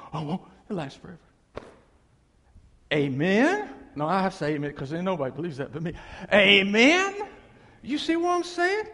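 A man preaching a sermon in a folksy, animated way, acting out noises. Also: high-pitched, husky, long reverb tail. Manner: folksy, animated, imitates motor sounds. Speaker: pastor.

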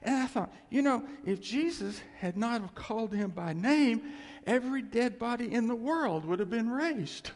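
Animated gravelly man preaching in a hall. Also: extremely high pitch, normal speed. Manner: animated, acts out quotes, laughs often. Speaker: pastor. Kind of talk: sermon. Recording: echoey hall.

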